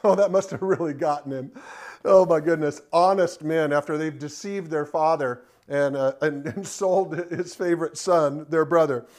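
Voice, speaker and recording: Guy leading bible study, voice on the higher side, reads scripture and chats about it, lots of ums. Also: moderate pace, few pauses. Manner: conversational, with frequent fillers. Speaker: Bible teacher.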